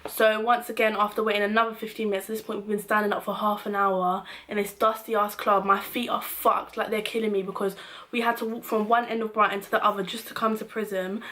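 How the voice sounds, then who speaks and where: Young woman, vlogger, slangy and fed-up storytelling, mid-range voice. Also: mid-range voice. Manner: animated, slangy, exasperated storytelling. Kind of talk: storytime vlog.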